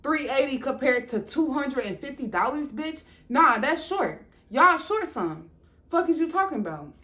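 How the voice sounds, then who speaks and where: A woman telling a personal story to her viewers in a casual, animated and profane way, speaking to them directly. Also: high-pitched.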